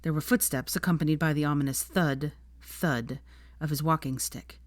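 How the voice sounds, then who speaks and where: A woman narrating fan fiction in a measured, expressive storytelling manner. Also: low-pitched, no echo, studio quality. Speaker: fanfiction narrator. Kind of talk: scripted narration.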